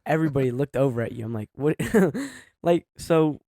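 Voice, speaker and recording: A man's voice: medium pitch, fast, warm tone, no echo, clean studio sound. A man co-hosting a podcast in casual chat, telling stories in an easygoing, giggly way. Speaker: podcast co-host.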